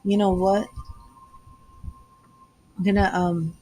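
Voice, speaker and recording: A woman's voice: mid-range voice, flat delivery, slow, dark tone, a little hiss or hum, low-quality recording. A woman giving a live tarot reading, effusive and emotional, often laughing between thoughts. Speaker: tarot reader.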